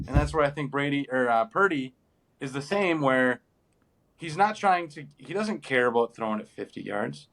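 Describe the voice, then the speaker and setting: A young man co-hosting a casual sports podcast, animated, swearing freely and acting out what players say. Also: medium pitch, normal speed, vocal fry. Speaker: podcast co-host.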